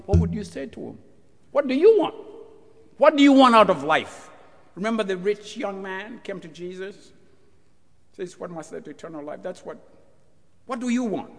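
Delivering a sermon in a very high-pitched voice, a male pastor is animated, asks rhetorical questions and performs the characters' voices in the story. The recording carries a long church hall reverb.

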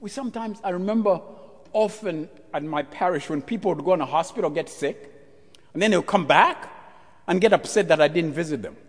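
A male pastor preaches a sermon in a high, brisk voice, animated and full of rhetorical questions. He acts out the voices of the people in his story, with long church hall reverb around him.

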